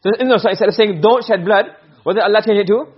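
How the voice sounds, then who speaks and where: A male teacher gives a lesson at a brisk pace, often stopping to ask the class whether they follow. His voice sits high and sounds husky. The recording is dull and lo-fi. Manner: explains with repeated questions to students.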